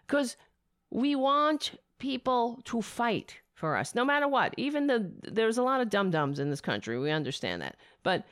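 A woman ranting angrily about politics, profane and sarcastic, who drops into a soft baby voice for her cat. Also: lowish voice, no echo, clean studio sound. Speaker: political commentator.

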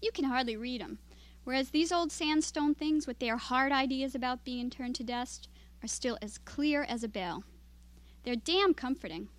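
A woman reading aloud, voicing a mild, friendly Midwestern man who talks low and subdued, nostalgic and quietly bitter. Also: normal speed, natural voice. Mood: musing.

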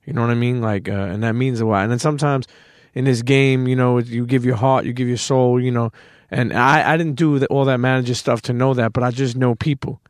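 A man's voice: mid-range voice, fairly even intonation, fairly quick, hardly any pauses, no room sound, studio quality. A man hosting a podcast, speaking casually and supportively to his guest in street-style phrasing. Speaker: podcast host. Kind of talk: casual interview.

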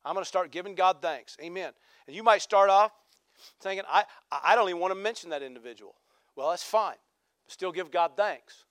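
A male pastor preaching a sermon, peppering his talk with "amen" and "come on" and rising to shouted emphasis. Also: high voice, brisk, clean tone, no echo, clean studio sound. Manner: call-and-response exhortations, repeated "amen" and "come on".

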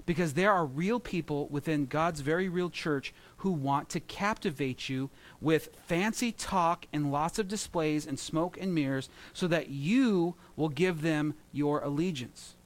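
A man in his thirties preaching a sermon, telling animated stories with jokes and mimicry. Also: on the high side, measured pace. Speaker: pastor.

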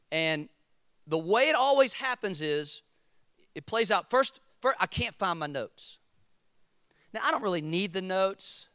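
A man preaching a sermon as pastor, animated and emphatic, acting out his stories. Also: on the high side, smooth, no echo, clean studio sound.

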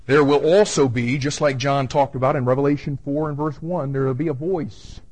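A male pastor preaching a verse-by-verse sermon in a conversational way, stumbling over restarts and booming out the scripture he quotes. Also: steady tone, moderate pace, a little mellow, poor audio.

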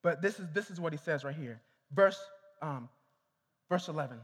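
A preacher with a highish, slightly rough voice speaks at normal speed with lively intonation. His sermon echoes through a church hall as he repeats himself and urges the congregation to respond.

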